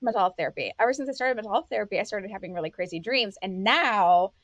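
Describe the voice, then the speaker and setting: A woman co-hosting a podcast, relaxed and chatty, who corrects herself and laughs as she talks. Her voice is mid-pitched and recorded dry on a close mic. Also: fast talker, no room sound. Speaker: podcast co-host. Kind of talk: casual chat.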